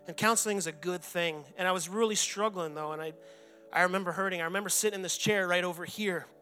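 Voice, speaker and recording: A man in his forties preaches in a church sanctuary, telling his own story with earnest conviction. His voice sits high for a man and rings bright. Soft music plays underneath. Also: quick pace. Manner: earnest personal testimony, reenacts his own anguished shouting prayers. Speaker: pastor. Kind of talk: sermon.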